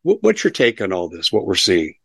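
Low, gravelly-voiced male host. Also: wildly swooping pitch, brisk, no echo. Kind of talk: casual interview talk.

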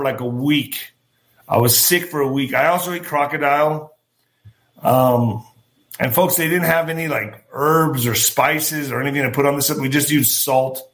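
A man's voice: medium pitch, pushed and bright. A man hosting a show, telling rambling personal stories and commenting on a news item, talking straight to his listeners. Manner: rambling, anecdotal, talks straight to listeners as folks. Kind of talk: casual storytelling and news commentary.

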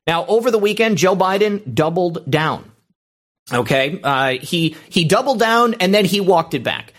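A man's voice: high-pitched, lively intonation, a little slow, fairly bright tone. A man hosting a political talk show, delivering emphatic, opinionated commentary and often saying "okay" to drive points home. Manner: emphatic, repeats "okay" and "all right".

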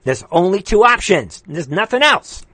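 A man's voice: high-pitched, very animated, normal speed, sharp tone, dry recording. A man hosting a livestream, ranting in heated political commentary, straining his voice and reading viewer comments aloud. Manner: impassioned, ranting, repeats rallying calls. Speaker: livestream host.

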